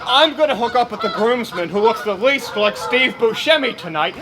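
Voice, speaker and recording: A man's voice: lively intonation, moderate pace, roomy sound, over a noisy crowd. A man playing a fussy, theatrical, indignant middle-aged suburban woman in a comedy web series. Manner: dramatic, indignant, swooping pitch.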